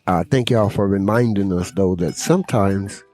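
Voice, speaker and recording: Deep-voiced man hosting a podcast. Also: moderate pace, darkish tone, soft background music. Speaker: podcast host. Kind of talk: casual podcast talk.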